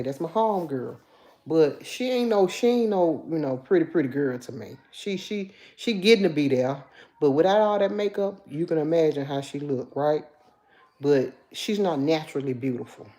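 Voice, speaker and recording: A woman's voice: sits low, warm tone. A woman in her fifties with a Memphis accent, chatting casually on a livestream and reading viewer comments aloud. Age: 50s. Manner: chatty, addresses viewers as y'all. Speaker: livestream host.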